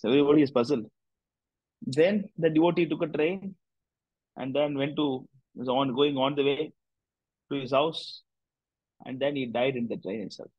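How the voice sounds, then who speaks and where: A man's voice: fairly high pitch, husky, no room sound, highs cut off. A man, a spiritual teacher leading a discussion group, telling a devotional story in a loose, rambling way with many "you know" fillers.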